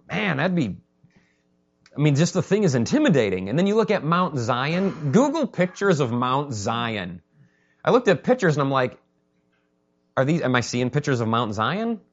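A man who is a pastor, preaching a conversational sermon and acting out quotes with lively energy. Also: mid-range voice, moderate pace, lo-fi sound.

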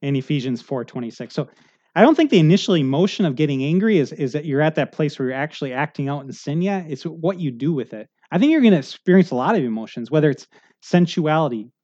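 Pastor preaching in earnest, conversational tones. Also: male voice, fairly high pitch, expressive, quick pace, a little mellow, dull audio. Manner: earnest, conversational preaching with frequent "okay?" check-ins. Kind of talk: sermon.

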